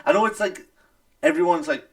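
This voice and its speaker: A man's voice: a little high, fairly quick. A man from North East England, co-hosting a podcast in casual, sweary banter. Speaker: podcast co-host. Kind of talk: casual chat.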